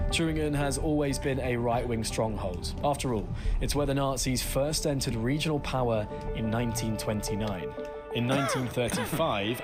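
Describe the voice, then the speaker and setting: A man narrates a documentary report in a measured, informative voice at a middle pitch. Music plays clearly behind his voice.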